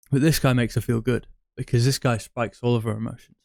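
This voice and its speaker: A man's voice: medium pitch, fast talker, vocal fry, hardly any pauses, a little mellow, no room sound, studio quality. A young man giving dating advice in a blunt, crude, rambling monologue that circles back on itself.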